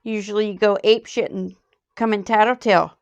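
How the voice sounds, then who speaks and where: Cooing woman with a gravelly voice. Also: medium pitch, fairly even intonation, brisk, no echo, highs cut off. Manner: cooing, baby-talk to animals. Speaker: pet owner. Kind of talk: casual talk to pets.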